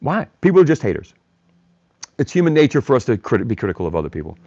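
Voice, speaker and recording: A livestream host with a medium-pitched, mellow voice talks quickly with big pitch swings, recorded muffled and without room sound. He reads and answers chat comments bluntly and combatively, mocking chatters by name.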